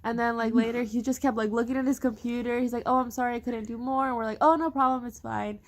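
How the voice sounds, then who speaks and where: A woman's voice: on the high side, fast. A young woman vlogging, telling a travel story in a casual, chatty way, saying "like" a lot and acting out what others said. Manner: chatty, says "like" a lot, quotes others in a lively way.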